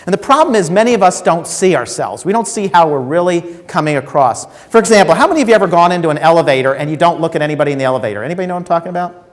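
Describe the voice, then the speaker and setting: A man with a slightly high voice gives a keynote talk to a room of sales professionals. He tells stories, acts out the people in them and keeps asking the audience questions. The sound carries the long reverb of a conference hall. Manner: storytelling, asks the audience questions, acts out quotes. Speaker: keynote speaker.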